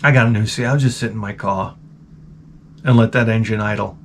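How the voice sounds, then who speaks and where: A man's voice: on the low side, steady tone, fairly quick, a little hiss or hum. A man hosting his own channel, telling rambling, profane comic stories in a casual rant. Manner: rambling, profane, self-interrupting storyteller. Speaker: channel host.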